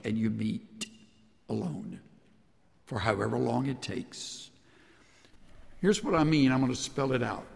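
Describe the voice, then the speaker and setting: A man preaching a sermon as pastor, earnest, dropping to soft hushed lines and rising to raised emphatic ones. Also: mid-range voice, gravelly, in a large hall.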